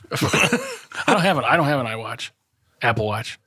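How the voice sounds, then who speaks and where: A man's voice: medium pitch, very animated, normal speed, sharp tone, husky, no echo. A man co-hosting a casual podcast, swearing a lot, laughing often and rambling through stories. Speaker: podcast co-host. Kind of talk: casual banter.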